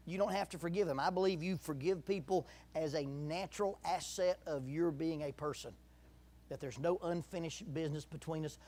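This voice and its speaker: Emphatic middle-aged male preacher with a high, light voice; sermon in a church, repeats his key lines for effect. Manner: emphatic, repeats key phrases, leads congregation in call-and-response.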